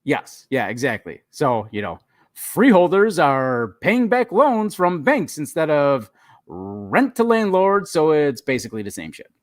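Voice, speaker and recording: A man co-hosting a casual history podcast, relaxed and chatty, laughing often and pausing with ums. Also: fairly high pitch, no echo, studio quality. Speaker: podcast co-host.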